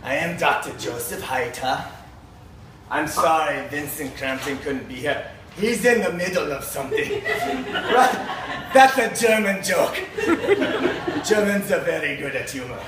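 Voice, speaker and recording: A man's voice: a little high, expressive, unhurried. A man playing a pompous, self-satisfied German mad surgeon with a mock German accent in a comic monologue. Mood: smug. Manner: grandiose, smug, bursts into shouting rants. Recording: echoey room, distant mic, faint noise.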